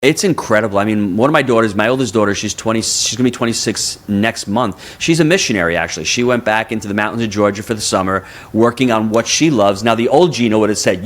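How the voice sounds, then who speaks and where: A man's voice: on the low side, fast, hardly any pauses. A man in his fifties, a guest on a podcast interview, talking energetically and often repeating words as he builds a point. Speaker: guest, real estate investor.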